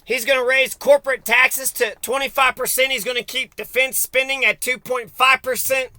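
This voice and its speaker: A man's voice: very high voice, flat delivery, normal speed, pushed and bright, no room sound. A man giving a crude, profane and mocking solo political rant. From United States. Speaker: political commentator.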